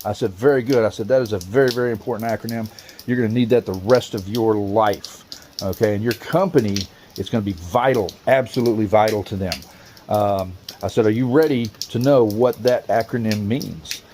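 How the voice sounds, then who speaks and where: A man telling a long prank story in a rough, profane, teasing way, with drawn-out, mock-serious emphasis. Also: lowish voice, a little mellow, a little hiss or hum. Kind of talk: storytelling monologue.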